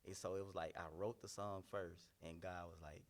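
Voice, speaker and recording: A man's voice: sits low, steady tone, moderate pace. A man, a pastor and singer, telling an emotional personal story with earnest, repetitive emphasis. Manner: earnest, heartfelt, repeats phrases for emphasis. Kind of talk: candid, emotional personal testimony.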